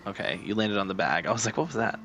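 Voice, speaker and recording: A man's voice: fairly low pitch, lively intonation, fast talker. A young man streaming a video game, chatting casually and joking with his cat. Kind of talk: casual live-stream chat.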